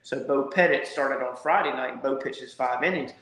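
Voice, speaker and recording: A middle-aged man, a former college pitcher telling lively stories as a podcast guest and acting out quotes. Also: a little fast. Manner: animated storyteller, acts out quotes. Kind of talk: casual storytelling. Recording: echoey room.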